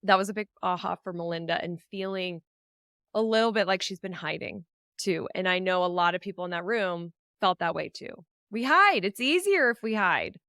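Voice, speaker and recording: A woman hosting a podcast, talking enthusiastically and warmly on her own about her business event. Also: fairly low pitch, moderate pace, clean tone, no echo, clean studio sound. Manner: enthusiastic, upbeat, heartfelt. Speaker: podcast host. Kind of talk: solo podcast recap.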